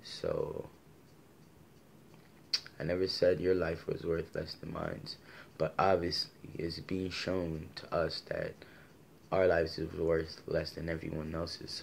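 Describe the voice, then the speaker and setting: A man's voice: low voice, measured pace, vocal fry, slight background noise. A man delivering a passionate, argumentative opinion monologue full of rhetorical questions. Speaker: commentator giving his opinion.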